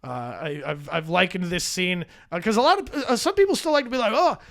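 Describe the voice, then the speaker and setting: A man's voice: sits high, expressive, brisk, gravelly, fairly bright tone. A man who is a stand-up comedian, talking as a podcast guest in a rambling, profane, self-mocking way. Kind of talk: casual chat. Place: podcast studio.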